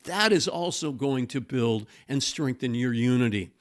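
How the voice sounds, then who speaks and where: A middle-aged man, a Christian marriage coach and pastor, giving a scripted teaching talk, measured and slowing down on key points as he quotes scripture and example phrases. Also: mid-range voice, animated.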